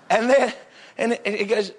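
An Australian man preaching a sermon, telling funny family stories in an animated, joking way that bursts into excitement. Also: high-pitched. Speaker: pastor. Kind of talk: humorous storytelling sermon.

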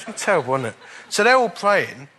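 Male preacher, fairly high and bright voice, lively testimony-style sermon with chuckles. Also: fairly quick. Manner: animated testimony, chuckling through the funny parts. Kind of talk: storytelling sermon.

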